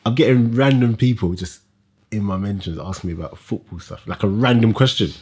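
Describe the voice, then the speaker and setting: A husky, slightly breathy male voice. He co-hosts a casual podcast chat, speaking low and relaxed and often trailing off mid-thought. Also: a little fast. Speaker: podcast co-host.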